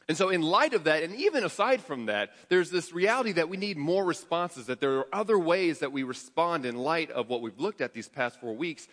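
A man preaching a sermon to his congregation, earnest, with quick restarts and repeated words. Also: on the high side, fairly bright tone, in a large hall. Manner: earnest, rapid with frequent restarts.

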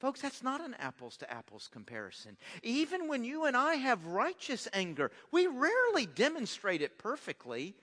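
A man preaching a sermon as pastor, animated and often repeating words as he starts a sentence. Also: very high voice, normal speed, hardly any pauses. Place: church sanctuary. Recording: long reverb of a large hall.

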